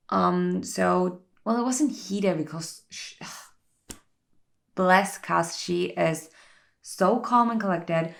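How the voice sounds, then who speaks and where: A woman chatting in a relaxed get-ready-with-me vlog, her voice sitting low with heavy vocal fry. She talks in a chatty, animated way, full of "like" fillers. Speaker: vlogger. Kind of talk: casual get-ready-with-me chat.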